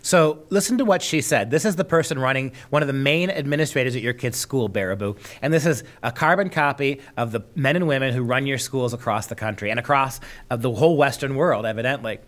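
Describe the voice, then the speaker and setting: A man's voice: medium pitch, fast, a bit bright. A man hosting a podcast, delivering opinionated commentary in a sarcastic, mocking tone. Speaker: podcast host.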